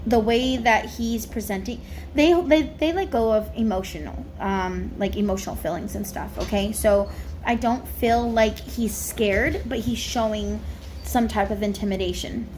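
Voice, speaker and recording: A woman's voice: mid-range voice, unhurried, darkish tone, a little hiss or hum. A woman psychic medium giving a casual, rambling spirit reading on camera, full of fillers. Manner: chatty, rambling, many fillers.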